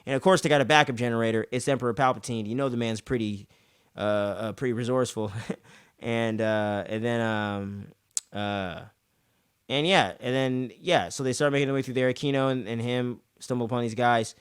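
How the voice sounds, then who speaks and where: A man's voice: medium pitch, fairly even intonation, normal speed, clean tone, no room sound, studio quality. A young man hosting a podcast, recapping an episode in loose, profane casual talk, filling his sentences with "man" and "uh". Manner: loose and profane, acts out characters' lines in exaggerated voices; many fillers like "man" and "uh".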